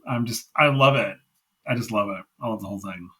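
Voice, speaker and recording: Male podcast co-host, bright tense voice, effusive casual chatter. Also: on the low side, a little fast, husky, rough recording. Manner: gushing, emphatic, repeats himself. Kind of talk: casual wrestling review chat.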